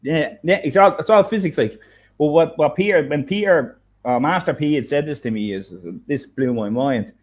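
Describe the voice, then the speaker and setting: A man in casual conversation who rambles and thinks out loud, restarting his sentences often. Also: a little high, normal speed. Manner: rambling, many restarts and fillers, thinks aloud. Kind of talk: casual chat.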